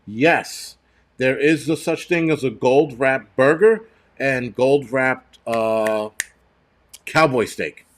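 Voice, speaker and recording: A man's voice: mid-range voice, slow pace. A male host rants on a casual livestream in a mid-range voice. He talks bluntly and swears often, rambling and restarting his sentences as he goes.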